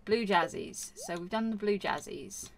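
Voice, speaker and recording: A gaming YouTuber chats casually while playing a farming game for her channel, with slight background noise behind her. Her medium-pitched voice is expressive and creaky at a measured pace, and she rambles and scolds herself with many fillers.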